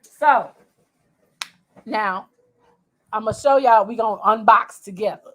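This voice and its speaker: A woman hosting a casual livestream from home, chatty and excitable, talking straight to her viewers. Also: mid-range voice, a little slow, pauses often, slightly rough. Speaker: livestream host.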